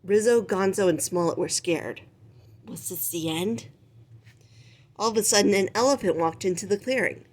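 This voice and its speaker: A woman's voice: medium pitch, moderate pace. Woman reading a children's book aloud. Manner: expressive, animated storytelling. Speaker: storybook reader.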